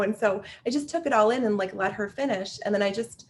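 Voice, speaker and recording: A woman's voice: mid-range voice, a little fast, few pauses, a little hiss or hum. A woman hosting a podcast, telling a personal story in a chatty way with many "like"s. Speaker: podcast host. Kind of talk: podcast interview conversation.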